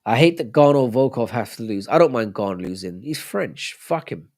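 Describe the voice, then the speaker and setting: A man's voice: medium pitch, expressive, moderate pace, darkish tone. A young man hosting a casual live stream, chatting loosely and answering viewers' messages as he reads them out. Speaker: livestream host.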